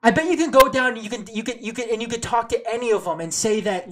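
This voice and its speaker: This sports talk co-host has a very high-pitched, slightly bright voice and talks fast, hardly pausing. In casual debate he pushes his point hard, reads out viewer comments, and passionately repeats himself to drive it home.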